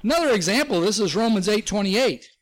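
A man's voice: lively intonation, fairly quick. A man preaching a Bible teaching sermon from slides, emphatic and punctuated with chuckles. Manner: emphatic, with frequent pitch jumps and chuckles. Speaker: pastor.

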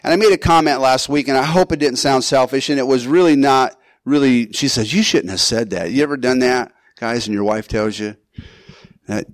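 A man's voice: mid-range voice, normal speed, no room sound, poor audio. An older male pastor giving an earnest, conversational sermon in his church, speaking straight to his congregation with casual asides.

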